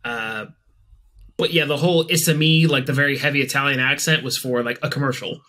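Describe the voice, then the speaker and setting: Bright-voiced joking podcast guy. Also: medium pitch, fairly quick. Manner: blunt, joking, animated. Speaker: podcast co-host. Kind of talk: casual chat.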